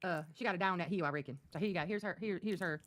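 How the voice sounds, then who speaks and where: A woman's voice: fairly low pitch, very fast, slight background noise. A woman in casual stream chat, teasing and mocking the others with a sassy tone.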